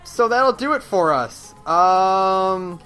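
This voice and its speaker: A man's voice: high-pitched, expressive, slow pace, sharp tone, smooth, soft background music. A man co-hosting a podcast in casual chat, rambling with many fillers and swearing freely. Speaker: podcast co-host.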